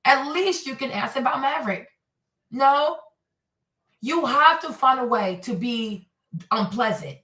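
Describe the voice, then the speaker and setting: A woman from Northern Virginia hosts a casual commentary show, her high voice moving at a measured pace with long pauses. She tells stories with indignant energy, acting out what people said. The room is echoey and she sits a bit far from the mic.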